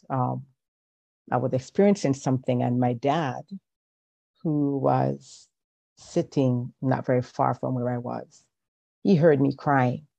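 Gravelly warm woman. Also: rumbling low, no echo. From Jamaica. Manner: hesitant, pauses with um, faith-filled. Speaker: podcast guest, counselor. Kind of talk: reflective personal storytelling. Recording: dull, lo-fi recording.

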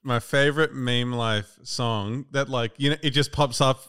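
Brief: male podcast host, smooth resonant voice, easygoing and chatty. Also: medium pitch, steady tone, unhurried, a bit bright. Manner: chatty, laughs often, swears freely. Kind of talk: casual podcast chat.

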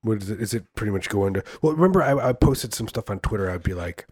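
A man co-hosting a casual chat podcast, joking around and sometimes breaking into falsetto singing and sound effects. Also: animated, quick pace, darkish tone, breathy edge, dry recording, studio quality. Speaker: podcast co-host.

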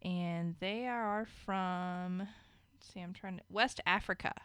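A woman's voice: fairly low pitch, takes it slowly, background noise. A woman, co-hosting a podcast in casual chat, laughing often and swearing casually. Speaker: podcast co-host.

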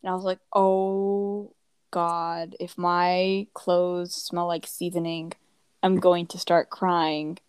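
The teenage American girl again shares casual travel tales, acting out other people's words and peppering everything with "like" as she rambles. Her voice is lowish, slow, smooth, a little mellow and flat, with no echo.

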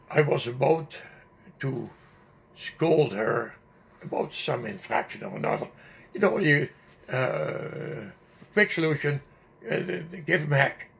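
An older man slowly recounting a personal memory in an interview, halting often with fillers and restarts. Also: on the high side, gravelly. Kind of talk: personal storytelling.

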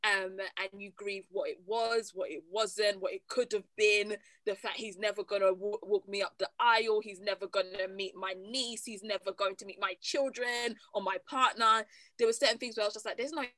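A woman talking about her grief in a reflective, halting way, full of fillers and restarts. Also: medium pitch, steady tone, sharp tone, no room sound, low-quality recording. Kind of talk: personal conversation about grief.

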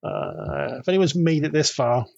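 A man's voice: a little high, a little slow, gravelly, darkish tone, no room sound, highs cut off. A man co-hosting a casual film podcast, wry and given to dry understatement. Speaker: podcast co-host.

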